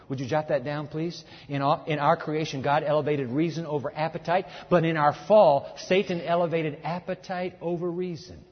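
A man preaching a sermon in an animated way, acting out voices and urging his listeners to join in. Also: fairly high pitch, normal speed, hardly any pauses. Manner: animated, acts out voices, urges the audience. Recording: echoey hall, dull lo-fi sound.

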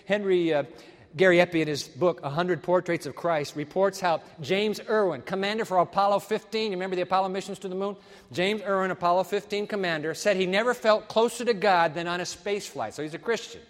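High-voiced preacher in a reverberant church. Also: male voice. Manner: swings from loud emphatic declarations to hushed near-whispers. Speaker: pastor. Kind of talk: sermon. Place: church sanctuary. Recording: long hall reverb.

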